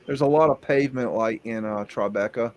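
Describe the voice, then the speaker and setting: A man's voice: medium pitch, a little fast, a little mellow. A man co-hosting a podcast in casual chat, blunt and emphatic, swearing freely. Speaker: podcast co-host.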